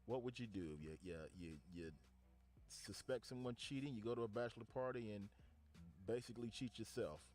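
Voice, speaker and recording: A man hosting an online radio talk show, relaxed and chatty, often repeating words as he thinks. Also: medium pitch, moderate pace. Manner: laid-back, repeats words while thinking. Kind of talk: casual talk show chat.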